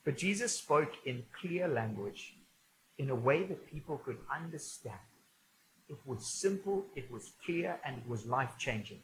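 A pastor gives a sermon in a casual, joking tone and often restarts his sentences. His voice sits at a middle pitch for a man. There is faint noise in the church room. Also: expressive, unhurried, low-quality recording. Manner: conversational and humorous, with frequent restarts. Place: church auditorium.

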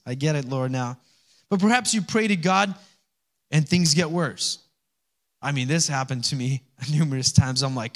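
A man's voice: fairly high pitch, normal speed. A man, a pastor, preaching a conversational sermon and often checking in with the congregation. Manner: conversational, asks the congregation for responses.

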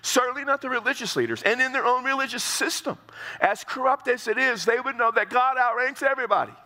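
A man preaching an expository sermon, earnest and explanatory, often repeating words and climbing higher as he drives a point home. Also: fast talker, pushed and bright. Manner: earnest, repeats words while explaining, rises in pitch for emphasis.

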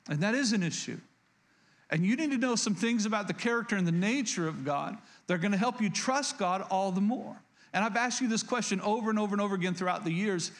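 A pastor preaching a sermon, earnest and repeating key lines for emphasis, with frequent restarts. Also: male voice, high voice, quick pace.

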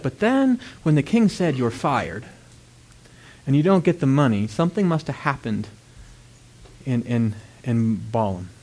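Animated male preacher telling a story. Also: fairly high pitch. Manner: animated storytelling, acts out characters with loud outbursts. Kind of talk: sermon.

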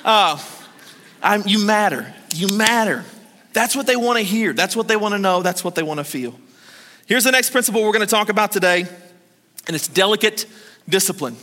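A man's voice: high voice, animated, fairly quick, bright, forceful tone, in a large hall. A man in his thirties preaching a sermon as pastor, conversational and joking, acting out short quotes.

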